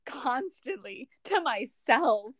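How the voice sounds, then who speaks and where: Young woman, high-pitched, dry close mic, blunt teasing podcast banter. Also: big pitch swings, takes it slowly, fairly bright tone, no room sound. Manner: blunt, teasing, laughs often. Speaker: podcast co-host. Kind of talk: casual chat.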